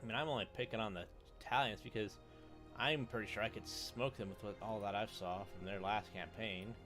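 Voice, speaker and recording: A man's voice: on the low side, brisk, over music. Grumbling man narrating his strategy game. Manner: mutters to himself, chuckles, grumbles at the game. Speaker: gaming YouTuber. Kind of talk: casual let's-play commentary.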